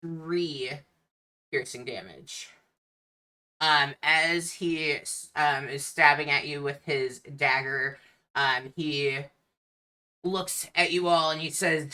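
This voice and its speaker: A woman running a tabletop game as game master, unhurried and laughing often between rulings. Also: sits low, steady tone, bright, forceful tone.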